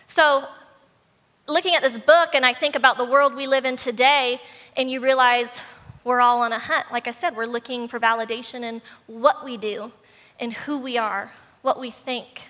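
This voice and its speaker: A woman pastor preaching a sermon, retelling a children's story and acting out its characters with animated voices. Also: fairly high pitch, moderate pace. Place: church sanctuary. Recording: long church hall reverb.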